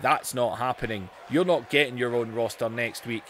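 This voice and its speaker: A man impersonating a tough male wrestling enforcer who shouts defiant promos at the company boss in a wrestling video game. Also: medium pitch, moderate pace, a little hiss or hum, natural voice.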